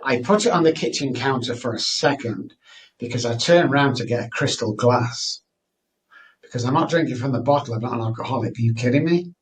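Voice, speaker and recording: A man's voice: medium pitch, fairly quick. Middle-aged guy telling his story, earnest, kinda far from the mic. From Manchester, England. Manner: earnest, candid, frequent restarts. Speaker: guest. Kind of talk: personal storytelling interview.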